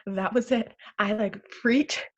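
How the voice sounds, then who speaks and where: Young woman telling a lively story. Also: medium pitch, slow pace, dull audio. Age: young adult. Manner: animated storytelling, acts out heated quotes. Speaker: podcast co-host. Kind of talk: casual chat.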